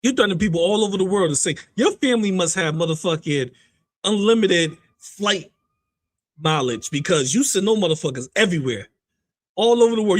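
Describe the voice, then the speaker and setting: A man with a high, light voice runs a commentary on online drama. He talks in a lively, mocking way and keeps breaking into laughter. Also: fairly quick. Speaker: commentary host.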